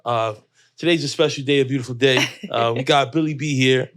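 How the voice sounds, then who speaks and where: A man hosts a relaxed podcast conversation with a mid-range voice. He talks easily and keeps nodding along with short replies. His delivery sounds friendly and unhurried. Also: mid-range voice. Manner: easygoing, affirms often with "right". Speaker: podcast host. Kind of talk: casual interview chat.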